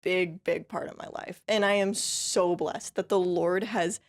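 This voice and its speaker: A woman's voice: on the low side, measured pace. A woman from California, a country fiddle player guesting on a podcast, telling stories in a chatty, upbeat way with frequent laughs and lots of "like" and "you know". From California, USA. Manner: chatty and upbeat, laughs often between phrases; tells stories lively, with many fillers like "like" and "you know". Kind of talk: casual interview storytelling.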